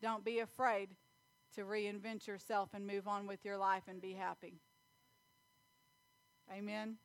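A woman's voice: mid-range voice, little pitch movement, a little slow, dry recording. A woman preaching a folksy sermon, telling family stories and reading scripture. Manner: folksy storytelling with Bible reading, laughs often.

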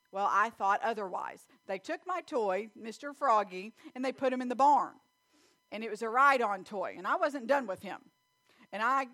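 A middle-aged woman preaching a sermon, telling a childhood story in quick, animated bursts. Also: medium pitch.

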